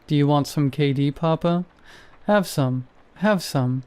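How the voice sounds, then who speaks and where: A frightened little boy with a slight Russian accent begs and repeats himself, as a man puts him on. The voice sits a little higher than the narrator's own, smooth and mellow. It suits a spoken horror story. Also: a little slow, close to an everyday voice. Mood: pleading. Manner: pleading, repeating his words.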